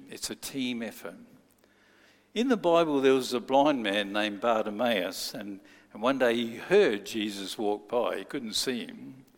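A man preaching a sermon, telling a story and acting out the people in it. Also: mid-range voice. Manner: storytelling, acts out quoted voices. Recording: long hall reverb.

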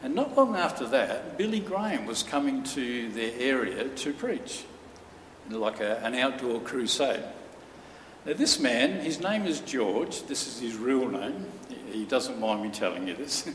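A man preaching a sermon, telling a story earnestly with dramatic pauses. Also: mid-range voice, lively intonation, a little hiss or hum. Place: church hall. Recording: echoey hall from far off.

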